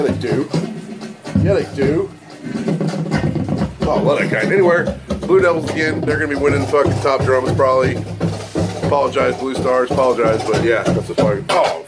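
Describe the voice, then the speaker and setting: A man chatting casually in a vlog from his car, swearing, barking and yelling out loud, then apologizing for his outbursts. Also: mid-range voice. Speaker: vlogger.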